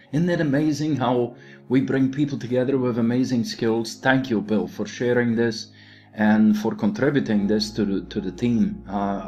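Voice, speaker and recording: Man, casual talk to a group, slow and halting, lots of fillers, faint music behind. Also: mid-range voice, a little mellow. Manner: halting, many fillers and restarts. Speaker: program promoter.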